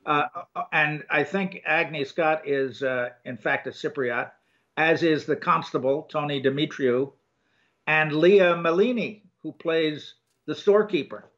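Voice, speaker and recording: An older man co-hosting a film review chat, talking casually and haltingly with many ums and restarts. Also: a little high, a bit bright. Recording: dull lo-fi sound.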